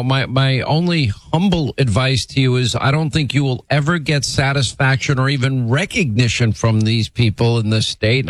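A male talk radio host opening a segment and questioning a guest in a brisk, emphatic delivery. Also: medium pitch, dry recording. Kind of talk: talk radio monologue and interview.

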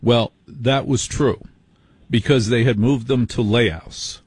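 American guy, husky voice, dry close sound, rambling through a story. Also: medium pitch, fairly even intonation, measured pace, darkish tone, no room sound. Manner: storytelling, conspiratorial, restarts often. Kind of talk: casual conversation.

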